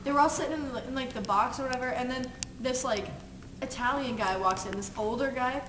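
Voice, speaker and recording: A woman's voice: high-pitched, fairly quick, far from the mic. A young woman casually retelling a movie scene to friends, rambling with lots of "like" and frequent giggles. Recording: echoey room with noise.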